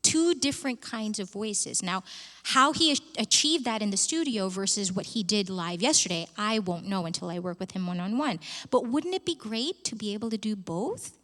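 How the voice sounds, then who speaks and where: A woman leading a live vocal workshop as a coach, chatty and expressive with the audience in a conference hall. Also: mid-range voice, moderate pace. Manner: expressive and chatty, addresses the room. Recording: long hall reverb.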